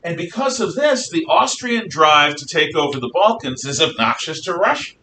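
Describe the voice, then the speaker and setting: A man's voice: expressive, normal speed, sharp tone. A man teaching a history class, lecturing in a rambling way with fillers and frequent self-corrections. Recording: echoey room, mic at a distance, faint rumble.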